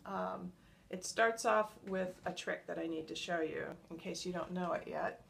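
A woman teaching a violin lesson, patient and encouraging, explaining each step slowly. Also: fairly low pitch, steady tone, gravelly, fairly bright tone, a little hiss or hum. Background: violin playing.

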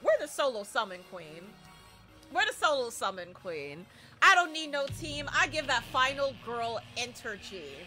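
A woman live-streaming a horror game, talking to her chat with loud, excitable, dramatic reactions. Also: high-pitched, measured pace, soft background music. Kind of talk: live gameplay commentary with chat.

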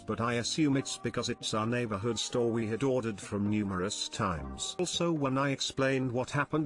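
A man's voice: medium pitch, fairly bright tone. Man narrating posts over faint music. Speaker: narrator reading online posts. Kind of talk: scripted narration.

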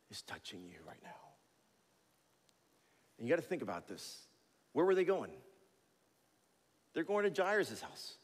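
Animated, jokey male preacher. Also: medium pitch, big-room sound. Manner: conversational, animated, jokey storytelling. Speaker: pastor. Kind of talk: sermon. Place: church sanctuary.

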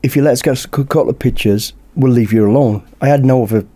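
A British man, a podcast guest, telling a lively anecdote in casual chat and acting out the dialogue. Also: medium pitch, fast. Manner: lively anecdote-teller who acts out dialogue. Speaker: podcast guest, former bodyguard.

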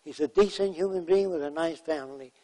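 A man's voice: a little high, a little fast, warm tone, close to an everyday voice. A man voicing his own mother in a story, talking plainly and earnestly. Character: set-in-her-ways mother who softens, earnest.

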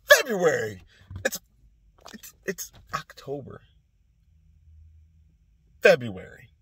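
Husky, profane man ranting. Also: medium pitch, expressive, normal speed, a bit bright. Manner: profane, rambling, exasperated. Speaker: soldier venting. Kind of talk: casual rant to camera.

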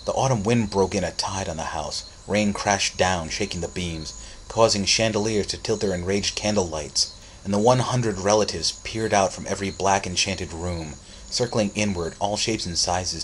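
A man with a deep, low voice reads a story aloud. His delivery is steady and dramatic. A faint hum of crickets sits behind him. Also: normal speed, low-quality recording. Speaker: narrator. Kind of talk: audiobook reading.

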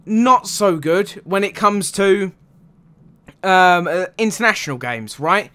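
A man's voice: high-pitched, expressive, takes it slowly, pushed and bright, clear, resonant tone. Furious young man ranting. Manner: furious, sarcastic, swearing, repeats "right?". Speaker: football fan vlogger. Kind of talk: angry football rant.

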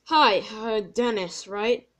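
Old male steam tram, stammering and defensive, fairly high voice, done by a woman. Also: slow pace, a bit bright. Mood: flustered.

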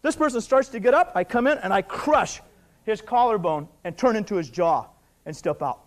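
A man's voice: sits high, animated, normal speed. An older man teaching a martial arts technique, talking intensely and emphatically and barking short counts as moves are shown. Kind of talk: instructional commentary over technique footage.

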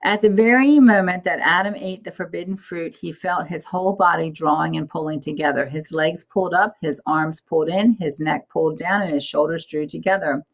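A woman reading a Bible story aloud for families, expressive and measured. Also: deep voice, rough recording.

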